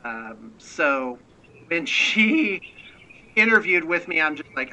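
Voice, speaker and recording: A man's voice: a little high, big pitch swings, slow pace, pushed and bright, low-quality recording. An American man, a miniature painting business owner, chatting as a guest on a remote interview and rambling with many restarts. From United States. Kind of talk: casual interview chat.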